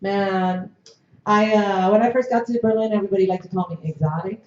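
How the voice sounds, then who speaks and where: A woman hosts an open comedy stage, rattling through her jokes in a quick, chatty way before she brings on the next act. Her voice sits at a middle pitch, and it sounds roomy and slightly muffled, as if picked up in a small club. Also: a little mellow. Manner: quick chatty delivery, laughing between jokes. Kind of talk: stand-up comedy and compering.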